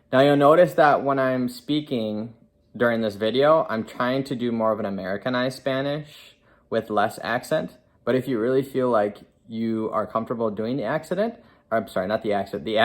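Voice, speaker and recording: A young man, a chiropractor and native English speaker, giving a casual beginner lesson in a chatty, step-by-step way, now and then correcting himself mid-sentence. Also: medium pitch. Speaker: chiropractor teaching Spanish.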